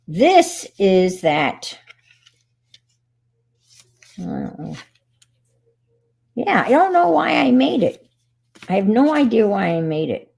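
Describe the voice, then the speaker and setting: Rambling happily and tossing in self-deprecating asides, this middle-aged crafting livestream host chats casually while demonstrating her craft. She speaks at a fairly low pitch, with a husky, darkish tone and vocal fry.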